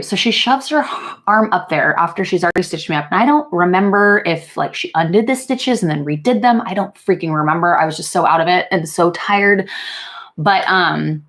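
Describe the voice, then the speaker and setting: A woman's voice: fairly low pitch, moderate pace, a bit bright. Frank, exasperated young woman vlogging. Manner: frank and exasperated, swears freely, many fillers. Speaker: beauty vlogger. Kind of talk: casual get-ready-with-me storytelling. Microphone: camera mic while doing makeup.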